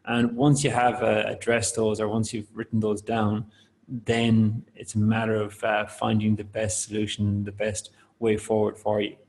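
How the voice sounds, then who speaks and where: Low-voiced man giving a rambling webinar. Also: monotone, normal speed, darkish tone, poor audio. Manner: loose, rambling delivery with many fillers and restarts. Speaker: product presenter. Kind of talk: webinar talk.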